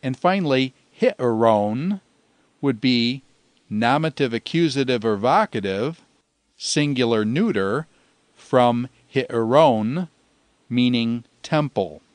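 A man teaching Greek gives a slow, careful grammar lecture, with frequent pauses and drawn-out phrases meant to be repeated back. His voice is middle-pitched and expressive, and the recording is close and dry with no room sound.

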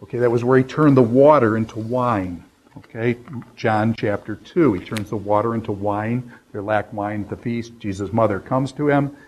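A man's voice: lowish voice, normal speed, a little hiss or hum, poor audio. A man teaching a Bible lecture in a loose, conversational way, with fillers and restarts as he works through passages. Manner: conversational, many fillers and restarts, quotes scripture. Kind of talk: unscripted classroom lecture.

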